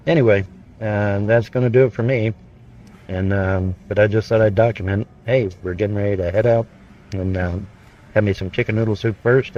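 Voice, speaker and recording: Mellow low-voiced man chatting on a vlog. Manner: relaxed, chatty, with many uh fillers. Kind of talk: casual vlog. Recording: dull lo-fi phone audio with faint music.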